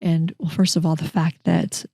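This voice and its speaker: A middle-aged woman, a guest telling a personal story in an interview, animated and voicing the people in her story. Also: low voice, normal speed, no room sound, clean studio sound. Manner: animated, acts out quoted dialogue, frequent restarts. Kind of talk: conversational storytelling.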